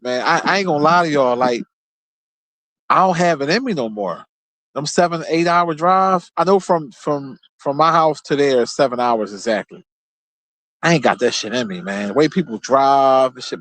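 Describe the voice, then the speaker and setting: A man's voice: medium pitch, a bit bright, no room sound. A man hosting his own show, telling loose, rambling stories in a casual, profane, laid-back way. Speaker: show host. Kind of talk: casual storytelling monologue.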